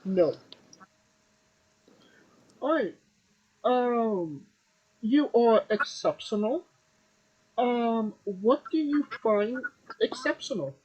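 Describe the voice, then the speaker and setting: A woman's voice: a little high, animated, drawn-out words, pauses often, darkish tone, breathy edge, lo-fi sound. A woman hosting a casual interview, asking light questions with small laughs.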